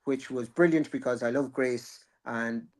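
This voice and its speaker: A man's voice: mid-range voice, measured pace, a little mellow. Rambling, joking man. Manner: rambling, joking, swears freely. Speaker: boxing podcast host. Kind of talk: casual chat.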